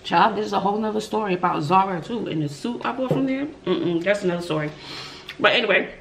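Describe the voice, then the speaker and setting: A woman's voice: medium pitch, quick pace, vocal fry. Woman mukbang host, middle-aged, storytelling between bites, chatty asides, faint noise behind. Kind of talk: chatty storytelling while eating.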